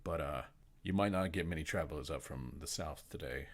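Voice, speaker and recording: A man voicing a blunt, gruff rural townsman with a folksy way of talking. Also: extremely low pitch, brisk. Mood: matter-of-fact.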